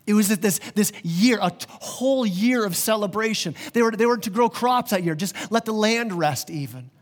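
Male pastor mid-sermon with a high-set voice; lively, restarts words often, addresses the congregation directly. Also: moderate pace. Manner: animated, stumbles and repeats words, talks straight to the congregation. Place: church.

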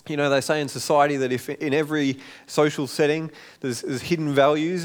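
A man's voice: mid-range voice, darkish tone. A middle-aged man, preaching a sermon in a conversational way and acting out the quotes. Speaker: pastor.

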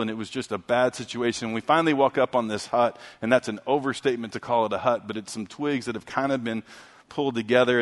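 A man preaching a sermon, telling a story and swinging from loud, emphatic lines to hushed ones. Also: mid-range voice. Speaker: pastor. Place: church sanctuary. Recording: long hall reverb.

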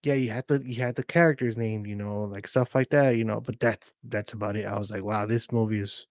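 A man's voice: fairly low pitch, steady tone, a little fast, a little mellow, no room sound. A man co-hosting a podcast, chatting loosely with many fillers and restarts. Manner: loose, rambling, lots of fillers. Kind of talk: casual chat.

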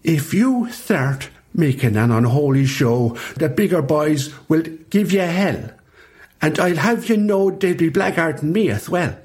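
A man's voice: fairly high pitch, animated, unhurried, pitched above the performer's own voice. A man with an Irish accent voicing a bossy, stern young girl dinosaur who scolds her little brother. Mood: warning. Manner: scolding, sharp.

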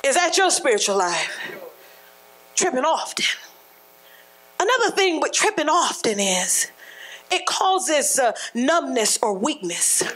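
High-voiced woman preaching emphatically. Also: sing-song, measured pace, long pauses, rough recording. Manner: emphatic, rising to shouts, colloquial and conversational. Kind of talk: sermon.

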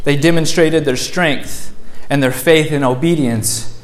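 A male pastor preaching a sermon in a church, moving between raised, emphatic lines and soft, gentle ones. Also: a little high, steady tone, measured pace. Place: church sanctuary.

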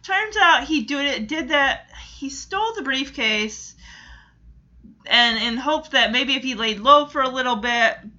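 Bright chatty woman recapping a show. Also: a little high. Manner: chatty, quick to react and mock. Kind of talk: casual episode recap. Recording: dull lo-fi sound.

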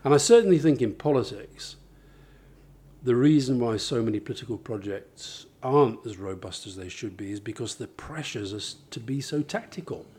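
Husky, mellow man explaining ideas. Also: mid-range voice, expressive, normal speed. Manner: thoughtful, explains with examples, many restarts. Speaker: author and interviewee. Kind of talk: conversational interview.

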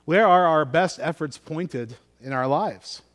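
Speaking slowly in a fairly high pitch, a middle-aged pastor reads scripture and then tells conversational, self-deprecating stories in his sermon, often starting sentences over.

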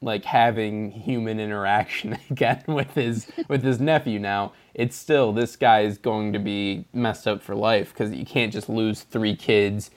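Young man, mid-pitched, jokey, often searches for words, casual film chat. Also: fairly even intonation, a little slow, few pauses. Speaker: film podcast co-host.

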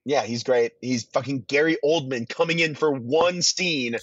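A man's voice: medium pitch, moderate pace, no room sound. A man guesting on a podcast, rambling through his thoughts on a film with restarts and casual swearing. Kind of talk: casual movie review chat. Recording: dull dry lo-fi sound.

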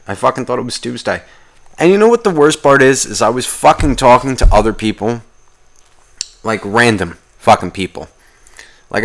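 A young man hosting a podcast, telling a rambling everyday story in a profane, animated ranting way. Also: lowish voice. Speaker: podcast host. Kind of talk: casual solo podcast rant.

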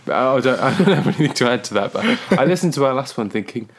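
A man's voice: medium pitch, expressive, quick pace. Joking man on a podcast. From Britain. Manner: jokey, defensive, laughs often. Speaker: podcast co-host. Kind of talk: casual chat.

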